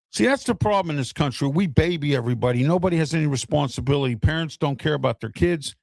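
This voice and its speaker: A man's voice: on the high side, fast talker, few pauses, a little mellow, no echo, clean studio sound. A middle-aged man hosting an opinion show, ranting bluntly and with exasperation straight to his viewers.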